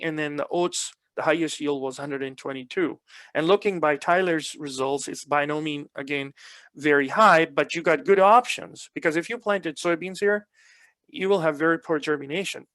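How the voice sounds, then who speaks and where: A man's voice: on the high side, gravelly, a bit bright, no echo. A man giving an extension lecture, explaining field trial results in an explanatory way, often repeating words for emphasis. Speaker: soil health extension specialist. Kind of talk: presentation lecture.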